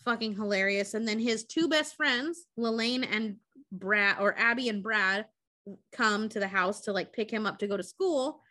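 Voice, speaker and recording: Bright-voiced woman swearing through a story. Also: mid-range voice, moderate pace. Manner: profane, animated storytelling. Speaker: podcast co-host. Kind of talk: casual chat, retelling a movie plot.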